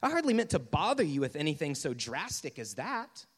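Man reads as a nervous, pleading ghost, pitched up high and bouncing all over, with a long hall echo. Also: big pitch swings, fairly quick, breathy edge. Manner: flustered, pleading, making excuses. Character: fretful male ghost, whiny and evasive.

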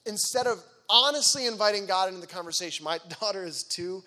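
A man in his thirties giving an energetic, chatty faith talk to teenagers, acting out the voices in the dialogue he quotes. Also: sits high, quick pace. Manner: chatty and conversational, with frequent fillers. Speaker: youth speaker.

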